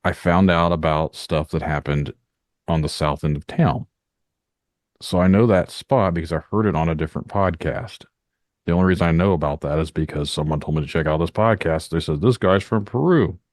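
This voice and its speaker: A man's voice: rumbling low, fairly even intonation, fairly quick, no echo, studio quality. A man from Northern Indiana, hosting a podcast in a rambling, talkative way. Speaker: podcast host. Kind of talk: casual podcast chat.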